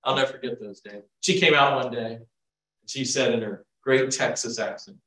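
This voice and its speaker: A man preaching a sermon, swinging between hushed asides and loud emphasis. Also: mid-range voice, fairly even intonation, normal speed. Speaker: pastor. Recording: echoey room, mic from far off.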